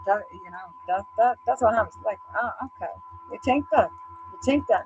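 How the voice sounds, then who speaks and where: A woman's voice: medium pitch, normal speed, faint music behind. Blunt, sweary woman on a muffled line. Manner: blunt, sweary, animated, acts out other people's remarks. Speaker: co-host. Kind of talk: casual chat.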